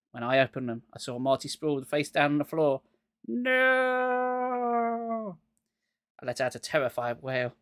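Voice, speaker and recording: A man's voice: medium pitch, fairly bright tone, dry recording. A man getting over a cold, giving a live reading of a children's horror book and breaking off with sarcastic asides. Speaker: reader.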